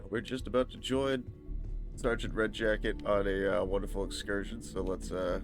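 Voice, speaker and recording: Male game streamer, nasal, low-ish voice, swears a lot, excitable casual commentary. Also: moderate pace, music in the background. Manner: excitable, profane, rambling. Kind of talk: casual let's-play commentary.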